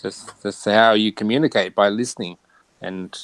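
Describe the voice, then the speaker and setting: Australian man, low gravelly voice, easygoing talker, laughs easily. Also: normal speed, no room sound, rough recording. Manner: relaxed, chatty, laughs often. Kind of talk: casual chat.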